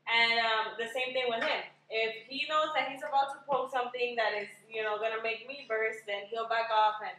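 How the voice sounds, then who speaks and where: A woman's voice: a little high, fairly even intonation, normal speed, few pauses, bright, forceful tone, distant mic, a little hiss or hum. Woman, podcast guest, casual chat, off-mic, echoey room.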